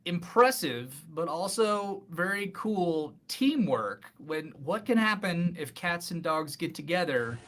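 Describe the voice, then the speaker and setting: A podcast co-host chatting casually, enthusiastic and quick to laugh. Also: mid-range voice, very animated, fairly bright tone. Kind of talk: casual chat.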